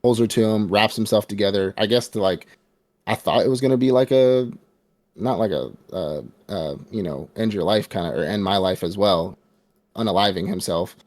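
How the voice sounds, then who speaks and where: A man's voice: on the low side, normal speed, darkish tone, no echo. A man co-hosting a casual movie review podcast, retelling scenes with lots of laughter and acting out the characters' lines. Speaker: podcast co-host.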